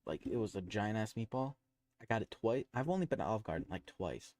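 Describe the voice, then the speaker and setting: A man's voice: fairly low pitch, expressive, fast, a little mellow, no echo. A man live streaming, telling rambling casual stories with crude slang, fillers and restarts.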